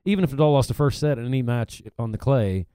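A man's voice: medium pitch, fast, warm tone, clean tone, dry recording. A man co-hosting a casual tennis podcast, talking in a dry, skeptical way and laughing often. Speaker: podcast co-host. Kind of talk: casual chat.

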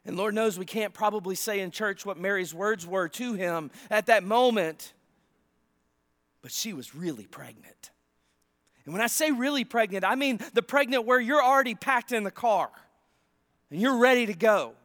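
A man preaching a sermon in church. He tells the story dramatically, swinging from loud emphasis to near-whispers, and talks to the congregation in a conversational way. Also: high-pitched, expressive, normal speed. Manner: conversational, asks the congregation for responses. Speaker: pastor.

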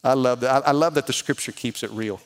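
A man preaching a sermon as pastor, talking in an animated, conversational way and often repeating his words. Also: mid-range voice, quick pace.

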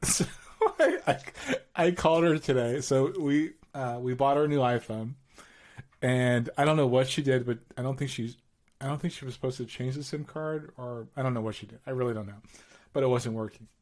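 A middle-aged man co-hosting a casual podcast chat, telling lively stories with slang and laughter. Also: medium pitch, brisk. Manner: animated storytelling with laughs and slang. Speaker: podcast co-host.

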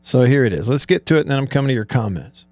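A middle-aged male sports talk host delivers a live-streamed monologue in a dry, close sound with no echo and soft music behind him. His mid-range, darkish voice moves very fast with lively intonation. He rants heatedly and sarcastically, his emphasis steadily rising.

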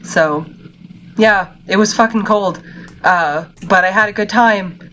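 A woman's voice: medium pitch, slow pace, fairly bright tone, slight background noise, rough recording. A woman co-hosting a podcast in a laid-back casual chat, trailing off with fillers. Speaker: podcast co-host.

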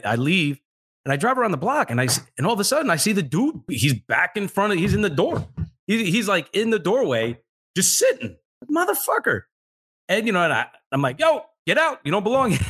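A man's voice: a little high, a little fast, slightly rough. A man co-hosting a podcast, telling a story casually, swearing a lot and acting out the voices of the people in it. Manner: profane, animated, acts out voices. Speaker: podcast co-host.

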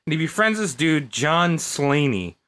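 A man's voice: a little high, measured pace. A man co-hosting a casual podcast, retelling history in a jokey, swearing way. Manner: animated, swearing, jokey storyteller. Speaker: podcast co-host.

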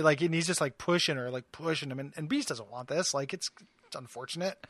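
A podcast co-host with a fairly high, fairly bright voice talks briskly, with no room sound, as he casually recaps a cartoon episode. He laughs often and his chat is loose, full of fillers and restarts.

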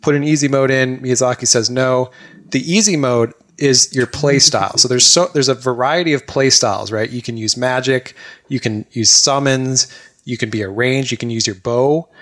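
Guy getting all excited about a game, rambly casual chat. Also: medium pitch. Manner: excited, rambling, quick bursts.

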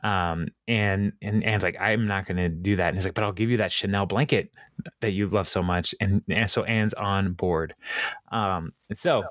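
A man hosting a podcast, retelling a TV episode in casual chat, with many ums and quick laughs. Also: sits low, fairly even intonation, a bit bright, no echo. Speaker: podcast host recapping a TV episode.

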